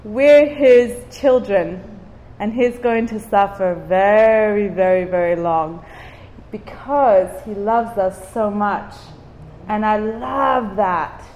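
A woman's voice: medium pitch, slow pace, a little mellow, slight background noise. A woman from Cyprus leading an informal devotional talk for a small group. She engages her listeners with questions and repeats words for emphasis. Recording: roomy hall with long reverb.

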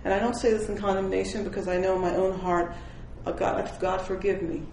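A woman with a mid-range, slightly gravelly and somewhat mellow voice talks a little fast with fairly even intonation, leading an informal Bible study as casual spoken devotion. She tells stories animatedly, acts out the people she quotes, and laughs often. The room is echoey, with slight background noise.

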